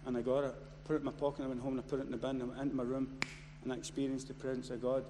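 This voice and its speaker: A man preaching a sermon. He moves from quiet storytelling to loud, impassioned shouting. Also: medium pitch, level tone, racing. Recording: long hall reverb, faint noise.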